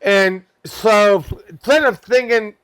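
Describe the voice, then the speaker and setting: A man's voice: sits high, slow pace, a bit bright, clean tone, dry recording. A man telling a funny customer story in a casual podcast chat, acting out the quoted voices and laughing often. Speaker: guest, pest control worker.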